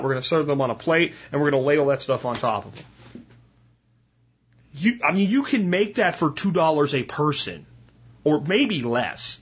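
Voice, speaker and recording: Male podcast host, husky, mid-pitched, casual how-to talk, muffled lo-fi sound. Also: a bit bright. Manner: chatty, instructional, with frequent "right?" asides.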